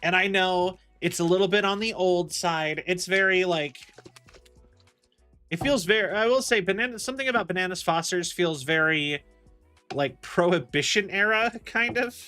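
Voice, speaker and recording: Bright-voiced chatty male streamer. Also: sits high, moderate pace, clean tone, faint music behind. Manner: rambling, chatty, laughs often, many restarts. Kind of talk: casual chat while gaming.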